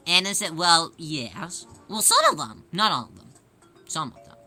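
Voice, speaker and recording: Bright, excitable young-sounding streamer woman. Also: lowish voice, soft background music. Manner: playful and excitable, repeats phrases in rapid bursts; rambling, with frequent restarts and fillers. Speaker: live streamer chatting with viewers. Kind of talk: casual live-stream chat while sewing.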